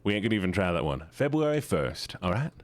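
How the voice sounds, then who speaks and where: Very animated and quick, a man banters with his stream viewers in a recording with no room sound. He keeps things playful, often mocking himself, and his pitch jumps suddenly.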